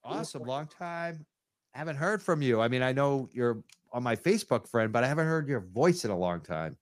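A man's voice: medium pitch, lively intonation, moderate pace. Enthusiastic male radio call-in host. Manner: enthusiastic, rambling with restarts. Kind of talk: live call-in radio chat.

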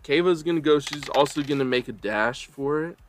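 A man's voice: a little high, moderate pace. A young man acting as game master, casually explaining rules with fillers and laughs. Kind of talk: running a tabletop game.

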